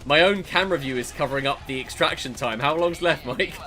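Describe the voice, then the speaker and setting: Bright-voiced man chatting over gameplay. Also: on the high side, fairly quick. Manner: chatty, excitable. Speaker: podcast host and streamer. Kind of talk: casual chat while playing a game.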